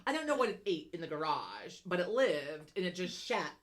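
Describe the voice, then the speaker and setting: Fast-talking, swearing woman podcaster. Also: lowish voice, sing-song. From central Pennsylvania. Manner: profane, giggly storyteller. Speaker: podcast co-host. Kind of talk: casual chat.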